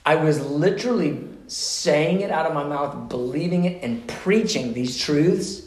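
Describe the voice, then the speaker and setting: A man's voice: on the high side, measured pace, reverberant. A man teaching a sermon class as pastor, talking in a passionate, conversational way with restarts before closing in prayer.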